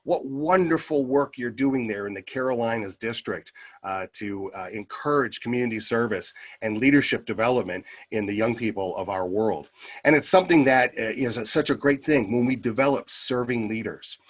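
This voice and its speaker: Middle-aged man, husky voice, mid pitch, chatty storyteller at a service club speech, filler-heavy delivery. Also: moderate pace. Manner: lively anecdotal telling with many fillers. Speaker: Kiwanis club member giving a convention message.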